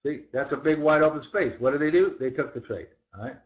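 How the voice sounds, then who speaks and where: A man's voice: fairly high pitch, fast, rough recording. A man teaching a trading seminar, walking through charts with rhetorical questions and repeated phrases. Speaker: trading instructor. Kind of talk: live seminar chart walkthrough.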